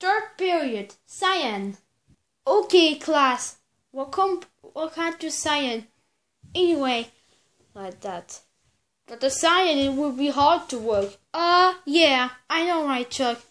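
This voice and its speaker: Very high, slow-talking amateur storyteller. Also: female voice, animated, a bit bright. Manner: rambling, unpolished, stumbles over words. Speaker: narrator of a homemade fan story. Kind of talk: casual storytelling with character voices.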